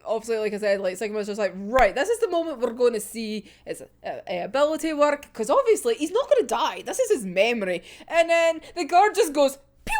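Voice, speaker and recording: A young woman reacting to a manga chapter in casual, sweary talk, laughing often. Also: high voice. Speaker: manga reaction video host.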